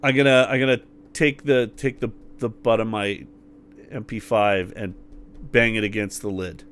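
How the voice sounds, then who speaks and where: A man's voice: fairly low pitch, fairly even intonation, normal speed, a bit bright, slight background noise. Brash, swearing male player. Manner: brash, swearing, stumbling restarts. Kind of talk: casual tabletop play.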